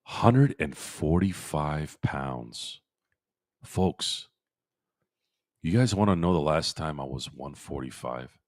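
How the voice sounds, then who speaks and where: Deep-voiced man rambling on a live stream. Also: expressive, slow pace, pauses often, no room sound, studio quality. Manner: rambling, repeats himself, talks to chat by name. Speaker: sports podcast host. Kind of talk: casual live-stream chat reading viewer comments. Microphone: streaming microphone.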